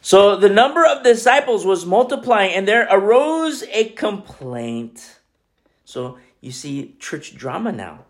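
Chatty, joking pastor with a higher voice. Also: male voice, very animated, takes it slowly. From Peru. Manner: chatty and joking, with many restarts and fillers. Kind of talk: casual sermon.

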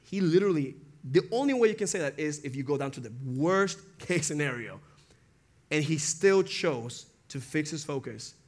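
Young guy preaching casual, chatty and animated, does little voices, laughs a lot, kinda high voice. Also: moderate pace. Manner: conversational, animated, acts out quotes, laughs often. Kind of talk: casual sermon.

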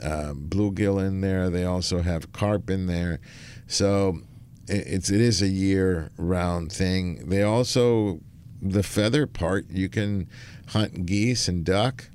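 Low-voiced enthusiastic fishing show host. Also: male voice, slow, a little mellow, clean tone. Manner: enthusiastic storytelling with fillers. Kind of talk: casual chat.

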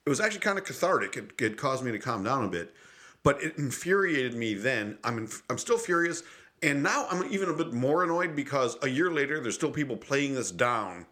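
Male podcast co-host, casual political talk, angry and profane, mid-pitched voice. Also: sing-song, a little fast, bright, forceful tone. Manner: heated, profane, ranting.

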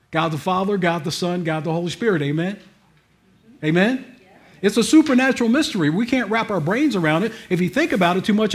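A man preaching an emphatic sermon, swinging between loud declarations and hushed lines and calling out for amens. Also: high-pitched.

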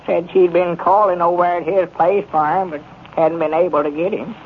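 An actor playing a worried, simple-hearted country storekeeper with a rural Arkansas accent, talking in a halting, fretful drawl. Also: male voice, sits high, fairly even intonation. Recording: muffled 1930s radio broadcast with faint hiss.

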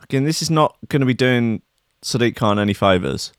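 A man's voice: medium pitch, animated, brisk, clear, resonant tone, dry recording, clean studio sound. A man hosting casual solo commentary, with a playful, sweary, rambling manner. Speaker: host.

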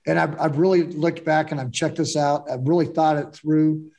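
A man with a fairly high voice talks reflectively in a personal, unguarded chat. He keeps his sentences short and plain. His pace stays steady and calm. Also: normal speed. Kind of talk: candid personal chat about sobriety.

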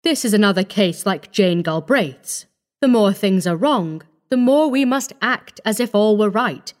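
A woman voicing a cold, scheming young male doctor in a storybook reading, speaking calmly and firmly. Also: medium pitch, measured pace, close to an everyday voice. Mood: pressing. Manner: calm, coaxing, firm.

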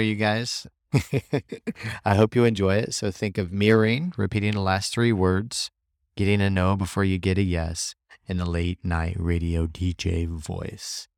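Low voiced guy doing a solo podcast, gravelly, super dry close mic sound. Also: no echo. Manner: reads quotes from a book aloud; deliberately deepens and slows his voice. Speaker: podcast host.

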